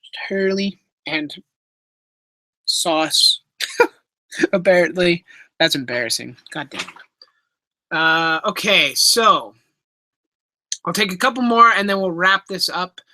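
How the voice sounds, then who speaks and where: A man's voice: sits high, slow pace, long pauses, sharp tone, dry recording. A man from Canada hosting a casual live stream Q&A from home, reading chat aloud through his laptop microphone and joking around. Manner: laid-back, reads chat aloud, jokes and swears. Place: home room with pet enclosures.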